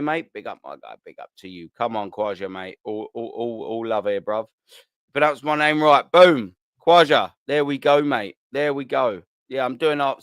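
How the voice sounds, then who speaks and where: A man hosting a casual live stream, giving shout-outs to viewers in slang and swearing freely. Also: mid-range voice, dry recording, clean studio sound. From England. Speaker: livestream host reading chat.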